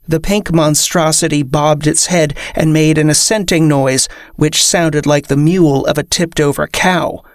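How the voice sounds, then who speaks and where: A reader narrating a fiction podcast story in an even storytelling voice. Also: medium pitch, moderate pace, hardly any pauses, no room sound, clean studio sound.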